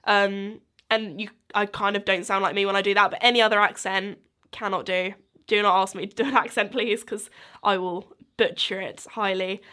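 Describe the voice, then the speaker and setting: Bright-voiced chatty young woman. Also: medium pitch, level tone, normal speed, clean tone. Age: 20s. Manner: chatty, rambling, full of likes and ums. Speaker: podcast host. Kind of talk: casual solo chat.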